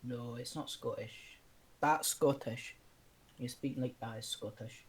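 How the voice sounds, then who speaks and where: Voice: mid-range voice, steady tone, unhurried. A gamer chatting casually with friends while playing, sweary, joking and rambling. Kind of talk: casual gaming chat.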